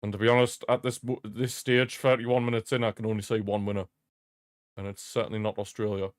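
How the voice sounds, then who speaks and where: A man's voice: fairly low pitch, flat delivery, a little fast, no echo, clean studio sound. A young man hosting a live football watch-along stream, chatting casually and commenting on the match with frequent laughter and repeated jokey rants. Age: young adult. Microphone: streaming desk mic.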